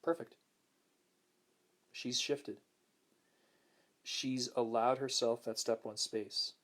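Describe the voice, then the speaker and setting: Gentle, flowing man hosting a talk. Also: fairly even intonation, slow pace. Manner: gentle, flowing, repeats words for emphasis; acts out quoted lines in a higher voice. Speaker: host. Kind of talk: casual spiritual talk.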